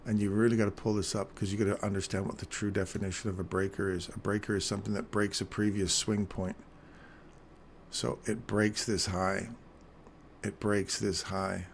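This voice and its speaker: A man's voice: on the low side, flat delivery, normal speed, vocal fry, slight background noise. A man hosting a live trading stream, explaining chart setups in a casual, joking way with a groggy morning voice and frequent "right?" check-ins.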